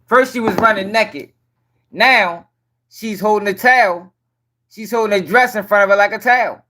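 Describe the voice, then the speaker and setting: A man hosting a casual livestream, reading court documents and talking straight to his chat viewers. His voice sits high and sounds bright, sharp and forceful. He talks in blunt, exasperated slang laced with cursing and keeps repeating his points. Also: normal speed. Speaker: livestream news commentator. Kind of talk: casual profane commentary reading court papers.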